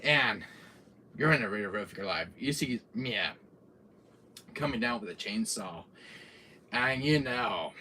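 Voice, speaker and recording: A man hosting a gaming channel, chatting casually about horror games, who swears freely and acts out scenes in little voices and hushed whispers. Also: lowish voice, expressive, slow, pauses often, far from the mic, slight background noise.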